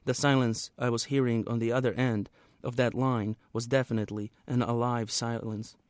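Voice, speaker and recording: A man, the author, reading a passage from his own novel aloud in a steady, measured way. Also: mid-range voice, no room sound.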